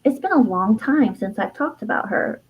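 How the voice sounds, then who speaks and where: A woman's voice: on the high side, expressive, normal speed, husky, dull audio. Heartfelt woman telling a personal story. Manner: heartfelt, reflective, frequent fillers and soft laughs. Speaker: guest, herbalist and author.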